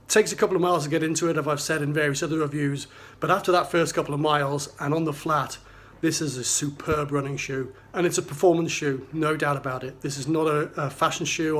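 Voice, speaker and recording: A man's voice: a little high, a bit bright. A man with a slight Geordie accent giving a casual, chatty review of a running shoe, full of fillers and restarts. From North East England. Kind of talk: casual spoken product review. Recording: roomy echo.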